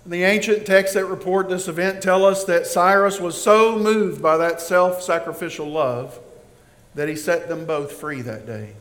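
A man preaching a sermon as pastor, slow and emphatic, building in intensity. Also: high voice, fairly even intonation, fairly bright tone. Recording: long reverb of a large hall.

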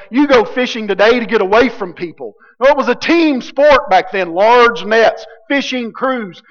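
A man's voice: high-pitched, a bit bright. A man preaching a sermon as pastor, conversational and jokey, acting out quotes from his listeners. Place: church sanctuary. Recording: dull sound with long hall reverb.

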